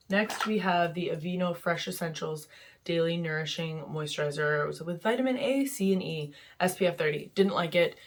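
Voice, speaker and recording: A young woman chatting casually and candidly through a beauty product review, with frequent fillers. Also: lowish voice. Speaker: beauty vlogger. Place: home in Vancouver.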